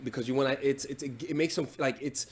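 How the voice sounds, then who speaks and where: A man's voice: medium pitch, fast talker, husky. A man giving dating advice as a coach in a casual monologue, blunt and profane, with frequent restarts and "right?" tags.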